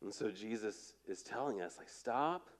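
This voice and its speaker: A man preaching a conversational sermon as pastor, animated and often checking in with his listeners. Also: fairly low pitch, normal speed. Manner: animated, repeatedly asking "right?".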